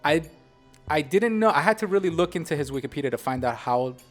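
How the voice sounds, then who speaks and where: A middle-aged podcast host chats casually and energetically, often restarting sentences and wandering into asides. His pitch is fairly high, he talks fast, and faint music plays in the background.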